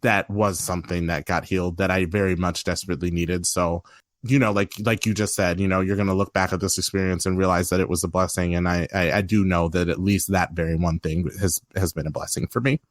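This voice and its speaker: A low-voiced man speaks openly and reflectively as a podcast guest, his voice catching with emotion now and then. The recording is dry and close, with no room sound. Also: fairly even intonation, a little fast, no echo. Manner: candid, reflective, tearful at times. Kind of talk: emotional personal conversation.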